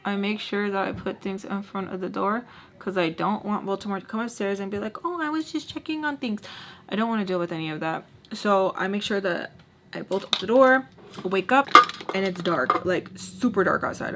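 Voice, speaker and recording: A young woman vlogging a casual storytime while doing her makeup, full of likes and quick restarts. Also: medium pitch, slight background noise. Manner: chatty, many likes and restarts; voices others in quoted bursts.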